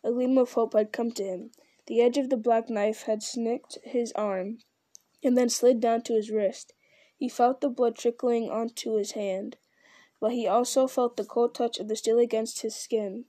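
A woman narrating a fantasy story aloud in a steady, measured reading style. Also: a little high, no echo. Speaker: audiobook reader.

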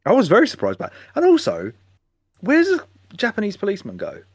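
A man from England co-hosting a casual podcast, animated, swearing casually and mimicking voices. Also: sits high, fast, breathy edge, no echo, studio quality. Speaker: podcast co-host. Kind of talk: casual chat.

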